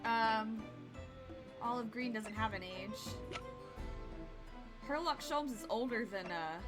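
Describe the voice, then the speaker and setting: A woman's voice: on the high side, expressive, takes it slowly, long pauses, over music. A woman in her twenties streaming a video game, chatting casually and rambling with lots of fillers. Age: 20s. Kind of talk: casual gameplay commentary.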